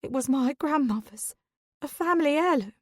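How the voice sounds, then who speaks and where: A woman voicing a theatrical, tearful middle-aged woman in an audiobook, with high, wailing, sobbing outbursts. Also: animated, normal speed, no room sound, studio quality. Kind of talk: audiobook character voice.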